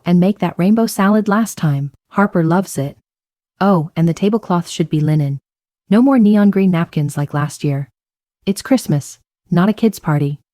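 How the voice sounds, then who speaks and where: A woman's voice: on the low side, warm tone, dry recording, clean studio sound, close to an everyday voice. A woman voicing a bossy, dismissive mother-in-law giving orders over the phone, in a raised, chirpy voice.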